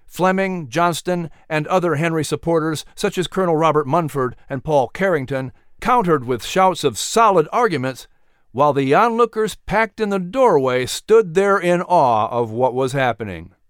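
A man narrates a historical story with vivid, expressive delivery. His voice is smooth and a little high-pitched, recorded close in a dry space. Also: moderate pace, no room sound.

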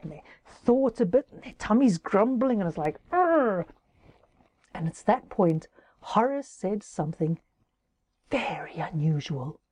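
Woman, children's story narration, playful, giggly, lively pitch, higher voice.

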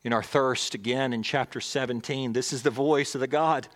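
A male pastor preaching a sermon, swinging between emphatic, raised lines and hushed, near-whispered ones. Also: mid-range voice, fairly even intonation, moderate pace, long reverb tail.

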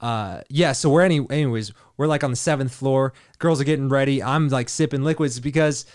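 A young adult man hosting a podcast, telling a story in a loose, animated way and laughing often. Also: mid-range voice, a little fast. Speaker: podcast host, dating coach. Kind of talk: casual storytelling chat.

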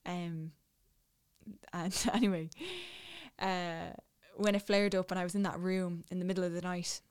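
A young woman with an Irish accent, casually telling a personal story, dropping to a hush and then getting excited. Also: fairly low pitch, a little slow, clear, resonant tone. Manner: animated, swings between hushed and excited. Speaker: new mother telling her story.

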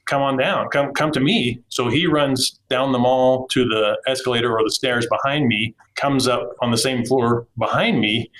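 A middle-aged police officer from Utah, telling a story vividly in a candid interview and acting out the quotes. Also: male voice, mid-range voice, fairly bright tone, low-quality recording. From Utah, USA. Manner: vivid, acts out quotes from the scene.

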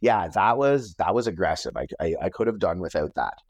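A Canadian comedian, guesting on a podcast, tells stories in a casual, rambling, profane manner, packed with "like" and restarts. His voice sits low with lively intonation, he talks fairly quickly, and there's no echo.

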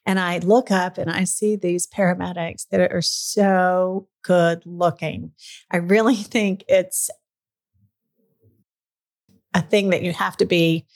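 The voice is fairly low, slow and steady in tone as a middle-aged woman, appearing as a podcast guest, tells a personal story. Her storytelling chat is candid and casual, occasionally turning emotional.

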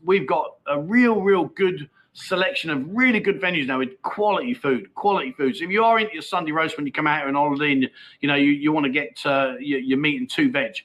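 A man's voice: on the high side, fast, fairly bright tone, low-quality recording. A middle-aged man hosting a casual livestream, chatting and reading out viewer comments in a matey, laughing way. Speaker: livestream host. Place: Pattaya, outdoors.

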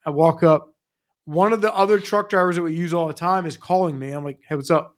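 A young man in casual chat, telling work stories with profanity and loud acted quotes. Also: on the high side, brisk. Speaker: podcast guest.

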